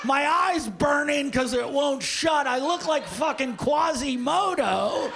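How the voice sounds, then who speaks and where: On a comedy club stage before a laughing crowd, a man with a high, gravelly voice performs stand-up at a slow pace. His storytelling is animated and he acts out the quotes, and the live club recording carries audience noise.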